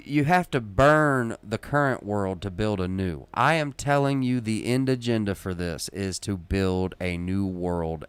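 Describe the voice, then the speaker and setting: A man hosting a casual live-stream podcast, who talks in an emphatic, rambling way with many restarts and works himself up into loud, excited rants. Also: deep voice, clean tone, no echo. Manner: rises into loud, excited ranting. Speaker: podcast host.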